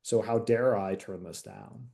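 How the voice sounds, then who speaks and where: A man's voice: on the low side, a little slow. A retired detective sergeant from the United States, a man, telling a candid story in a casual interview and acting out the dialogue. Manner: candid, animated storyteller who acts out quoted dialogue.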